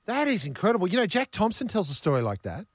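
An enthusiastic Australian man hosts breakfast radio from a studio mic. His voice sits a little high and sounds dry and close. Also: huge pitch swings, fast, slightly rough, no room sound. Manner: enthusiastic, chatty. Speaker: radio host.

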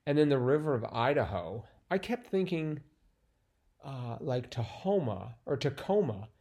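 A man's voice: mid-range voice, big pitch swings, a little slow, darkish tone. A man in casual chat about a crossword, rambling and restarting his sentences with lots of fillers, sounding sleepy. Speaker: crossword podcast co-host.

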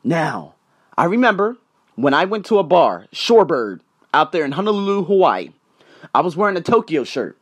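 A man hosting his own podcast, telling personal stories in a casual motivational monologue, swinging between loud emphasis and quiet asides. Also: on the high side, sing-song, moderate pace. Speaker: podcast host.

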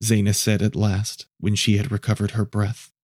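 A man narrating and producing an audio story in a measured, low-key, hushed reading. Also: monotone, no room sound, studio quality.

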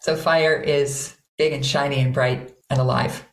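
A middle-aged woman, a voice coach, talking in an interview and demonstrating sounds with sudden loud bursts. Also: extremely low pitch, steady tone, measured pace. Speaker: voice coach guest. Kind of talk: conversational interview. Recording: roomy echo.

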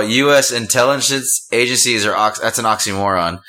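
A man's voice: mid-range voice, a little fast, hardly any pauses, sharp tone. A man co-hosting a podcast, laid-back and dry in a casual chat. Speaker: podcast co-host.

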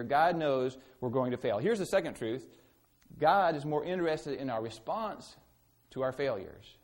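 A man preaching a sermon as pastor, earnest and asking his listeners direct questions. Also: mid-range voice.

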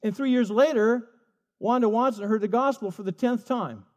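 A man's voice: very high-pitched, normal speed. A middle-aged male pastor preaching a sermon, telling stories with acted voices and emphatic repetition.

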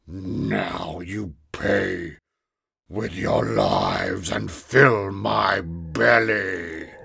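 Guy putting on a slow gravelly growl for a warty little green storybook monster, husky and rough. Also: low-pitched, lively intonation, bright, forceful tone, heavily acted. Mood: menacing. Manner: growling, slow menacing threats. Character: squat warty green male monster, angry and hungry.

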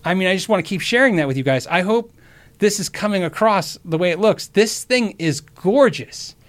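A man hosting his own show in a casual livestream chat, excitable and stammering, often restarting his sentences. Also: high-pitched, normal speed. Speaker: show host.

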